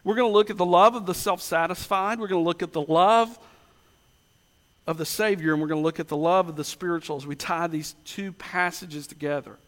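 A man preaching a sermon, asking rhetorical questions and slowing down to stress key words. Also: high voice, steady tone, a bit bright. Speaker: pastor. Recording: long hall reverb.

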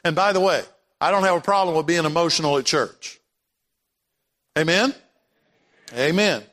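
Man, pastor, sermon, high voice, impassioned repetition, long church reverb. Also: moderate pace, a bit bright. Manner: impassioned preaching, rising to emphatic repetition. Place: church sanctuary.

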